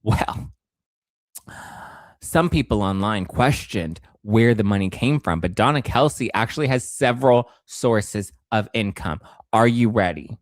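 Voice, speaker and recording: A male host giving sarcastic, animated commentary on celebrity news, at times jumping into high squeals. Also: unhurried, no room sound, studio quality. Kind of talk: casual commentary.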